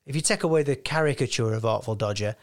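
A man hosting a casual podcast chat, jokey and quick to laugh. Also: medium pitch. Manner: animated, laughs often, jokey. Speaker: podcast host.

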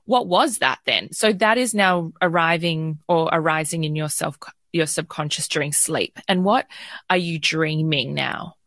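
A woman's voice: deep voice, measured pace, fairly bright tone, no echo, studio quality. A woman hosting a podcast interview, probing with short follow-up questions. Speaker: podcast host.

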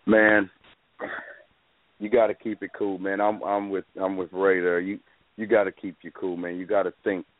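A man's voice: low voice, level tone, normal speed, no room sound. An older man on a talk show panel, speaking in a laid-back, repetitive way. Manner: laid-back, repeats himself. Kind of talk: casual radio talk. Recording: tinny phone-like dry sound.

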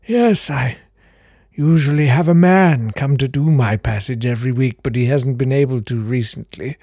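A man voicing a fussy, flamboyant old male vampire count in a high, genteel voice, in a comic audio story. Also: normal speed, warm tone, husky, no room sound, clean studio sound. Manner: genteel, fluting and mannered.

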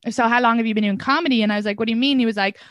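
A woman with an Irish accent hosting a podcast, chatty and quick, filling her talk with "like" and "kinda". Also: fairly high pitch, fairly even intonation, fairly bright tone, no echo, studio quality. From Ireland. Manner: chatty and fast, full of "like" and "kinda". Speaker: podcast host and comedian. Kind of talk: casual podcast chat.

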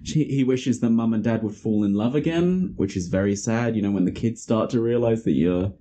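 A man's voice: on the low side, fairly quick, a little hiss or hum. A man hosting a podcast, recapping a film in casual chat, laughing often and acting out the characters' lines. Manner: lively, laughing, acts out quotes from the film. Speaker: podcast host.

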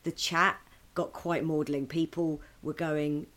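A woman co-hosting a podcast in casual chat, animated and swearing freely with frequent laughter. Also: deep voice, slow pace. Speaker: podcast co-host.

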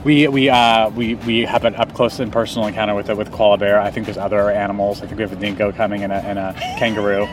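Actor guest for an outdoor chat: man, rapid, somewhat low voice, slightly distant mic, music and street traffic behind. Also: flat delivery. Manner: chatty, laughs easily, many restarts. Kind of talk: casual interview chat.

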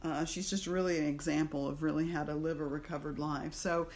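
Woman, from the American South, slightly low voice, podcast co-host, casual storytelling, acts out inner voices. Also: little pitch movement, a little fast, a little mellow.

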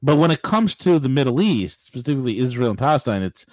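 A man hosting a political talk radio show, ranting in an animated way, with mock voices and laughter. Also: medium pitch, quick pace, dry recording.

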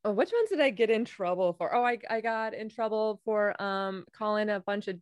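A woman's voice: mid-range voice, moderate pace, smooth, no echo. A woman comedian chatting casually on a podcast, swearing freely and laughing through her stories. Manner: crude, laughing, lively storyteller. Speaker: comedian guest.

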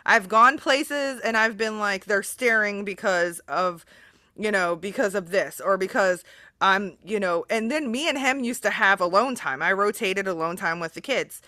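A woman's voice: medium pitch, normal speed, sharp tone, no room sound, clean studio sound. A woman hosting a podcast interview, talking in a rambling, earnest way with many fillers. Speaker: podcast host. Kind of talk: casual interview chat.

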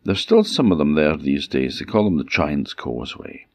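A man from the Orkney Islands with an Orkney Scottish accent, telling a folk tale in a lively, dramatic way. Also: a bass voice, normal speed, no room sound. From Orkney Islands, Scotland. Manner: lively, shifts volume for drama. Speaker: storyteller.

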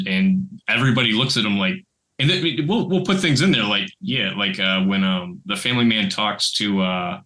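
A man co-hosting a casual podcast, talking in an animated, rambling way and swearing now and then. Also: fairly low pitch, poor audio. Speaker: podcast co-host.

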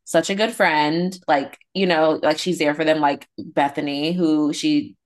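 Chatty young woman, quick and animated. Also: deep voice. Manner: quick, filler-heavy, animated retelling. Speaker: podcast co-host. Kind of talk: casual chat.

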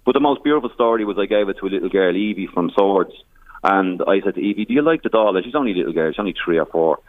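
A man's voice: sits low, very fast, no echo. An Irish man, a charity founder, telling stories in a radio interview with many restarts and some emotion. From Ireland. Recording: tinny phone line.

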